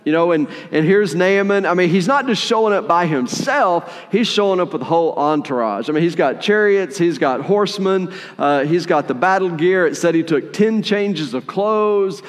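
A man preaching a sermon in a conversational, animated way, with playful asides while retelling a story. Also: high-pitched, normal speed, few pauses, in a large hall. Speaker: pastor.

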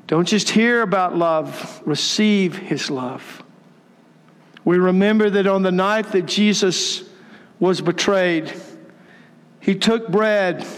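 A high-voiced man preaching slowly and earnestly in a church. His words ring out with a long reverb from the large hall around him, and his delivery stays unhurried and measured. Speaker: pastor. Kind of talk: sermon. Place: church sanctuary.

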